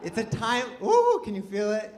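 This stand-up comic's high voice swings hugely in pitch as he rambles through a self-deprecating live set, full of false starts, at a moderate pace. His tone is a little mellow, and the room carries audience laughter and slight background noise.

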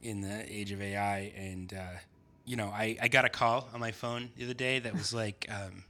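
Casting: man, bright forceful tone, hesitant and full of fillers, relaxed chat. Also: fairly low pitch. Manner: halting, many fillers and restarts. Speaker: podcast guest, essayist. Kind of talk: casual conversation.

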